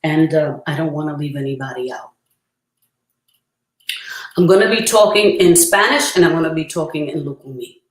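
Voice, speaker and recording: A priestess presenting a spiritual workshop, talking earnestly and reverently with frequent pauses, and reciting a prayer. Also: female voice, low voice. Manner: earnest, reverent, pausing often to gather thoughts. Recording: roomy echo.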